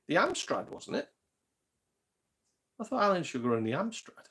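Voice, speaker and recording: A man's voice: mid-range voice, wildly swooping pitch, moderate pace, pauses often, fairly bright tone. A man with a British accent chatting casually on a live stream from home, rambling, mildly swearing and reacting to viewer comments. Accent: British English. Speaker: gaming channel host.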